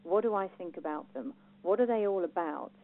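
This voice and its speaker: Lively English woman giving a talk. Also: medium pitch, brisk. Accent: English, Home Counties. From England. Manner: lively and engaging, asks the audience questions. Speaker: speaker on personal branding. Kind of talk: talk to a live audience. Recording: phone-like thin sound.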